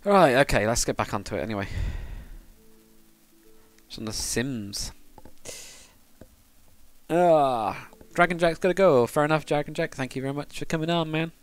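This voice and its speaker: A man's voice: on the high side, moderate pace, long pauses, clear, resonant tone, faint music behind. A British man from the UK chatting casually with viewers while he builds in a game, rambling and swearing now and then. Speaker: livestreamer. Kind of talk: casual live-stream chat while building.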